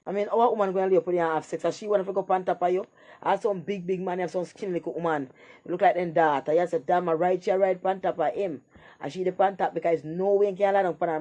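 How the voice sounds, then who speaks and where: A woman's voice: on the low side, mellow, highs cut off. A woman talking bluntly in a rambling, profane casual monologue.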